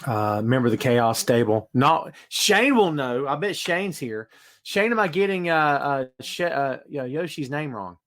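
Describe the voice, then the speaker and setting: A man's voice: mid-range voice, lively intonation, unhurried, a bit bright. A man hosting a casual live-stream podcast from his home studio, chatting and greeting viewers by name. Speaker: podcast host.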